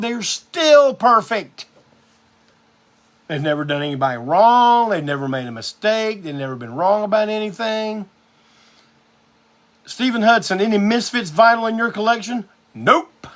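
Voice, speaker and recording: Man, high voice, profane, rambling monologue, live show host. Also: lively intonation, normal speed, fairly bright tone. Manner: profane, drawling storyteller.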